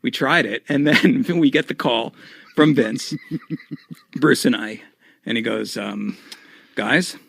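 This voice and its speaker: A man with a mid-range voice tells stories as a guest, lively and laughing often. The recording is dry and close, with no room sound. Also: mid-range voice, takes it slowly, creaky, long pauses, dry recording. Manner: animated storyteller, laughs often. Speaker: podcast guest, former TV writer. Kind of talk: casual chat.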